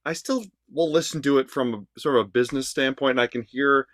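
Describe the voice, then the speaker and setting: A male songwriter co-hosting a music reaction podcast. He talks at a middle pitch, loosely and self-deprecatingly, and often restarts his sentences as he works out his thoughts. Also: fast talker, fairly bright tone. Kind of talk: casual music reaction chat.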